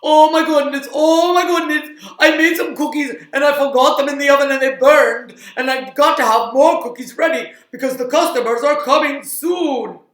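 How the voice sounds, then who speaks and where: A woman's voice: high voice, moderate pace, few pauses, pitched above the performer's own voice, natural voice. A woman voicing a flustered male chef who has burned his cookies, exclaiming in distress. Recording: roomy echo.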